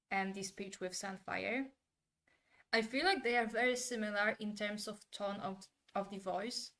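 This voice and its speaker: A woman giving her candid opinions in a casual monologue, turning animated when she imitates actors' delivery. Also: mid-range voice. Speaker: commentator.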